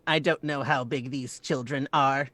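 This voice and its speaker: A man voicing a small, stiff, formal male robot with a blaster who speaks in halting, proper phrases. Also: mid-range voice, steady tone, pushed and bright, no echo.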